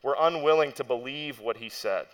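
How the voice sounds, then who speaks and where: A man's voice: mid-range voice, moderate pace, fairly bright tone. A young adult man giving a sermon as pastor, preaching in a conversational storytelling way with frequent asides to the listeners.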